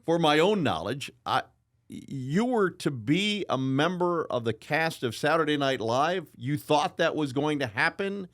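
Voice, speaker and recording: A male podcast host with a fairly high, lively voice that moves around a lot in pitch. He asks his questions and gives short, encouraging reactions in a casual interview. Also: a little slow.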